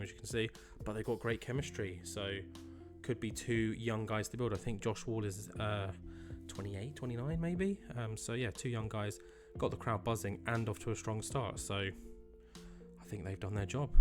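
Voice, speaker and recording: A young man talks through his game in a relaxed, chatty way, throwing in quick jokes as he goes. His voice sits fairly low, with a faint bed of music underneath. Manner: chatty and upbeat, joking asides. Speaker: gaming channel host. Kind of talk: casual let's-play commentary.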